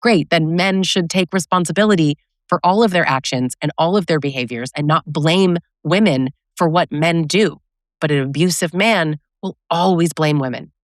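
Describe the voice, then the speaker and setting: A woman's voice: low-pitched, moderate pace, no room sound, studio quality. A woman relationship coach giving blunt, sarcastic advice, acting out quoted lines as she talks. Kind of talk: direct-to-camera advice talk.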